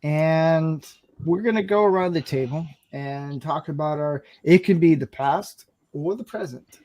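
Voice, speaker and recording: A man's voice: a little high, a little slow, a little mellow. A man hosting a casual panel chat, loose and joking, calling on each guest. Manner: loose, joking, swears freely. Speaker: podcast host.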